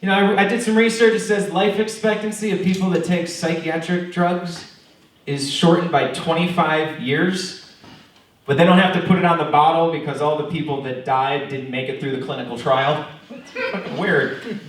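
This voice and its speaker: Stand-up guy, higher-pitched voice, profane and mock-earnest, recorded from a distance. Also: normal speed. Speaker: stand-up comedian. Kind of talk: stand-up comedy set. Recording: very echoey room, mic far off.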